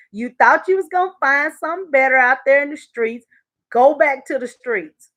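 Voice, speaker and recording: A woman's voice: high voice, moderate pace, fairly bright tone. A woman hosting her first YouTube live stream, chatting casually with viewers and laughing often.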